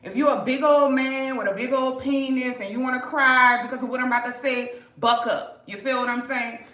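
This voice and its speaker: Bright-voiced New Orleans woman, blunt. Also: sits high, steady tone, brisk, roomy sound, rough recording. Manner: blunt, profane, talkative. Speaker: live streamer selling to customers. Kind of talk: casual livestream chat.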